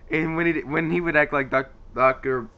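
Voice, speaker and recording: A man's voice: a little high, steady tone, brisk, pushed and bright, dull audio. A man casually rambling about his favorite voice actors in an unscripted vlog, with lots of fillers and restarts. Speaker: YouTuber ranking voice actors.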